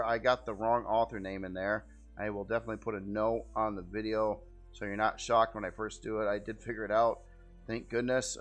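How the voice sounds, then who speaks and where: Easygoing low-voiced man narrating gameplay. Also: a bit bright. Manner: easygoing, rambling, repeats "really cool". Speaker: game video host. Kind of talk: casual gameplay commentary.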